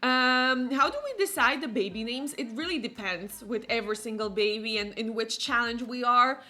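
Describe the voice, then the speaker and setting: A woman's voice: on the high side, moderate pace, bright, forceful tone. A woman hosting a Let's Play, chatting casually and giggling while greeting viewers. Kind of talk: casual gameplay chat.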